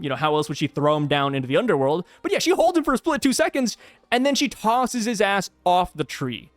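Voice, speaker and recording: Animated high-voiced man reviewing manga. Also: dry recording. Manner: excitable, slangy, quick asides. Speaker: manga review channel host. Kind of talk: casual video commentary.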